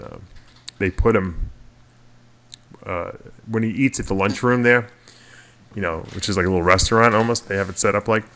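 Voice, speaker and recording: A man's voice: sits low, gravelly, fairly bright tone. A middle-aged man co-hosting a casual talk show, telling long rambling stories with many restarts. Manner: rambling, restarts often, chuckles through stories. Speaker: podcast co-host. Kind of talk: casual storytelling chat.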